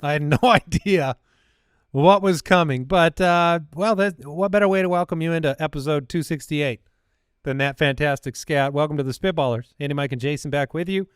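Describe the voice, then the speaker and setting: A man's voice: fairly high pitch, normal speed, smooth, no echo, clean studio sound. Wry man co-hosting a comedy podcast. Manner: wry, questioning banter. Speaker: podcast co-host. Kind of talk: casual comedy chat.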